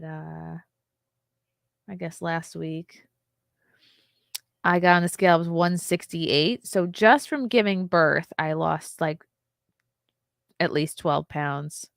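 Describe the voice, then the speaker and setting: A woman's voice: on the low side, creaky, dry recording, clean studio sound. A woman hosting a casual livestream, candid and chatty, often laughing and reading viewer comments aloud. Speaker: livestream host.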